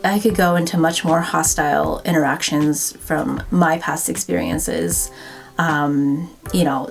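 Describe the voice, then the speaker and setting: A woman in her thirties talking casually to camera, conversational and wry, with plenty of "like" fillers. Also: low-pitched. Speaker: vlogger.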